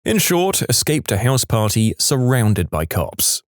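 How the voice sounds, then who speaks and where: A man reading reddit stories aloud in a lively storytelling manner. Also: unhurried, no echo, clean studio sound. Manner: lively storytelling with wide pitch swings. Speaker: story narrator.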